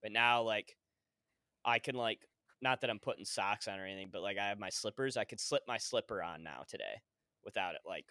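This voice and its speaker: A man's voice: lowish voice, a little fast, bright, forceful tone, no room sound, clean studio sound. A young man co-hosting a podcast, telling stories in a laid-back, swear-heavy casual chat. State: injured foot, hobbling. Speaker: podcast co-host.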